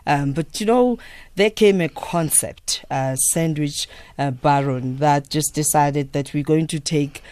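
A man's voice: a little high, a little slow, clean tone. A man hosting a radio show, chatting casually in a studio with many fillers. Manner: relaxed, filler-heavy, hums while chewing. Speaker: radio host. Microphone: studio microphone.

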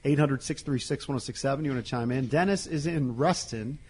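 A man's voice: mid-range voice, brisk, darkish tone, slight background noise. A man hosting a sports talk radio show, taking calls in a conversational way. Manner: conversational, reads ads. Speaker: radio host.

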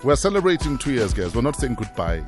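A man hosting a breakfast radio show, measured, with easy interviewing and short listening sounds. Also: mid-range voice, sing-song, over music. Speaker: radio host. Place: radio studio.

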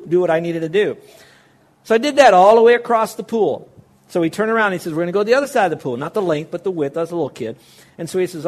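A middle-aged man delivers a sermon in a slightly raised pitch. He speaks earnestly, often addressing his listeners directly. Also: fast talker. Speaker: pastor.

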